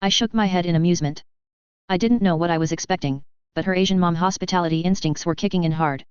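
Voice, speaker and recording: A woman narrating a first-person story in a steady, even reading voice. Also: on the low side, fast talker, clean tone, dry recording. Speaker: fan fiction reader. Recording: dry, slightly dull lo-fi recording.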